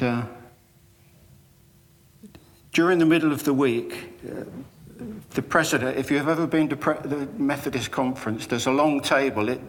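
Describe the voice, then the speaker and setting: An older man preaching a sermon, telling personal stories in a slow, unhurried way. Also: mid-range voice, long reverb tail, a little hiss or hum. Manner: slow, storytelling delivery with personal anecdotes. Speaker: Methodist preacher.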